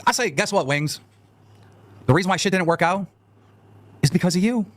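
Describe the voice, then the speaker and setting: A man's voice: high-pitched, lively intonation, moderate pace. A man angrily ranting on a stream, repeating himself and swearing.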